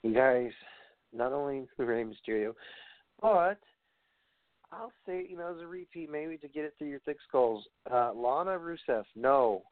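A man's voice: mid-range voice, animated, a little slow. Annoyed guy ranting and swearing a lot, sounds like a phone line, no room echo. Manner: exasperated, profane, rambling. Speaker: wrestling commentator. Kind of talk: ranting podcast commentary. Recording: dry tinny phone-like audio.

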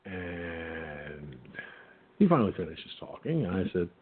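A man's voice: low-pitched, very animated, a little slow, husky. A man hosting a call-in radio show, telling stories in a blunt, profane way, over a phone-like line. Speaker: talk radio host.

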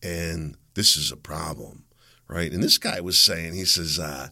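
A man's voice: deep voice, measured pace, gravelly, bright, forceful tone. A man hosting a talk show, rambling through a casual opinion monologue, interrupting himself and speaking straight to his listeners. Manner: rambling, self-interrupting, talks to listeners directly.

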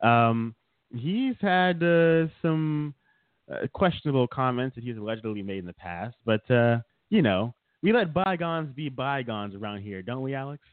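A man's voice: mid-range voice, lively intonation, normal speed, clear, resonant tone, dry recording. A man co-hosting a casual comedic chat show, rambling and teasing his co-host with frequent chuckles. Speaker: podcast co-host. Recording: dry, tinny phone-like sound.

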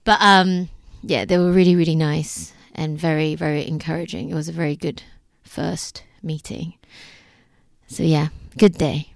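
A woman's voice: low-pitched, fairly even intonation, normal speed, vocal fry, few pauses, dry recording. A young woman vlogging in a chatty, upbeat way, repeating words for emphasis. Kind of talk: casual chat.

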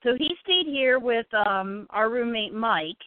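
A woman co-hosting a casual chat, telling stories in an animated way. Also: a little high, unhurried, dry recording. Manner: animated storyteller, mimics her pet bird. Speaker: co-host. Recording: tinny phone-like sound.

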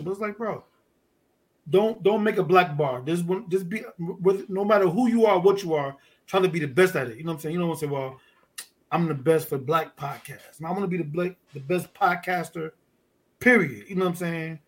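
A man from Detroit, a podcast guest, telling stories in casual, profane street talk and acting out the dialogue. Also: a little high. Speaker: podcast guest, underwater photographer. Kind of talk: casual storytelling chat.

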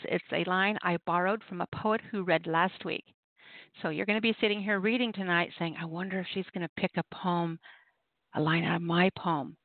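A woman's voice: on the low side, gravelly, dry recording. A woman hosting a poetry radio show, talking casually and rambling, with frequent laughs. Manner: chatty, rambling, laughs often. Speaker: host of an open mic poetry radio show. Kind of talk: casual talk giving poetry prompts. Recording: tinny call-in phone line.

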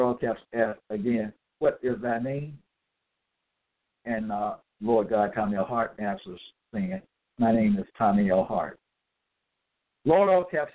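A man delivering a scripture-citing monologue, reading out verse references and pausing to ask "okay?" as he goes. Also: mid-range voice. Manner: deliberate, checks in with "okay?"; spells out capitals, hesitant fillers. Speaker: self-styled religious teacher. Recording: tinny phone-like audio.

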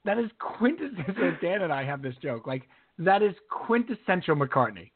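Podcast co-host, man, high lively voice, jokey and quick to laugh, thin phone-like sound. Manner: animated, laughs often, breaks into mock British singing. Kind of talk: casual sports chat.

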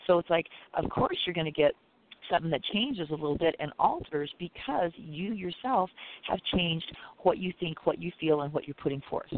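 A woman guest on a psychic call-in show, talking in an animated way and filling her talk with "you know" and "it's like.". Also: fairly low pitch, moderate pace, a little hiss or hum. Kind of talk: casual chat. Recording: phone-like narrow sound.

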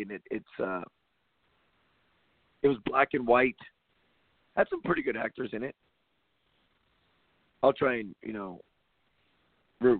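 A basketball coach who also hosts a show delivers a casual monologue, rambling and emphatic, restarting often. His voice is medium in pitch, heard over a tinny, phone-like line that's dry with no room sound.

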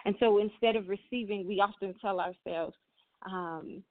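A woman's voice: mid-range voice, moderate pace, no room sound. Earnest woman, tinny phone-like sound. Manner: earnest, repeats and restarts phrases, gets emotional. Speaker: spiritual reader and host. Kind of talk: motivational spiritual talk.

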